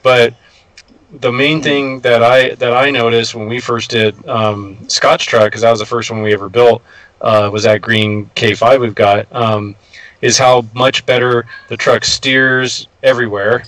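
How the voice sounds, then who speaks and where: A man's voice: mid-range voice, little pitch movement, measured pace, fairly bright tone, no echo, rough recording. A man in casual chat who rambles with lots of fillers and restarts. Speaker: guest truck builder.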